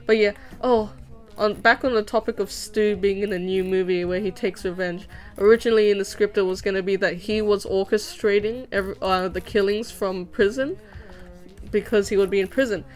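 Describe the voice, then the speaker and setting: A young woman talks casually on a live stream while she animates. She rambles and gets excitable, laughing often, in a mid-pitched voice with faint music under her. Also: brisk.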